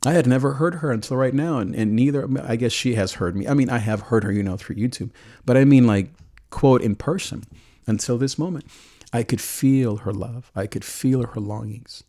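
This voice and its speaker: A man hosting a call-in show, talking earnestly and emotionally about faith and love, with frequent restarts and soft laughs. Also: medium pitch, normal speed. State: choked with emotion. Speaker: host.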